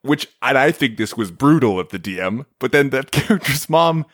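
A man's voice: mid-range voice, normal speed, no room sound, clean studio sound. A man co-hosting a tabletop game podcast, casually telling a story and acting out quotes. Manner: animated, acts out quotes from friends. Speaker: podcast co-host.

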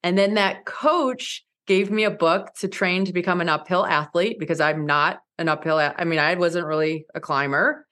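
A woman in her forties telling her story as an interview guest, lively and laughing often, acting out quoted lines with big jumps in pitch. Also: moderate pace, few pauses. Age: 40s. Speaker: guest, mountaineer and speaker.

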